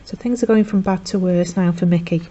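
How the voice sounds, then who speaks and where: Lady teacher recapping a play, lowish mellow voice, dull lo-fi sound. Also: a little hiss or hum. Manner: chatty, acts out characters' lines in quick voices. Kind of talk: revision lesson retelling a play.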